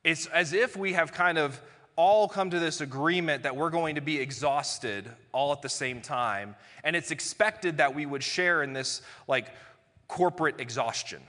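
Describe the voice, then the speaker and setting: A man preaching a conversational sermon in a large church hall. His voice is bright and forceful, and it rings with a long reverb off the room. He slips playfully into little acted-out exchanges. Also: a little high, moderate pace. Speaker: pastor.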